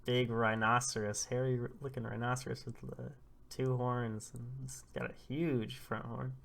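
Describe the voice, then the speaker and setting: Male host, casual live comic readthrough, animated and reactive, bright voice. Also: medium pitch, moderate pace, gravelly. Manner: animated, laughs often, blurts out reactions.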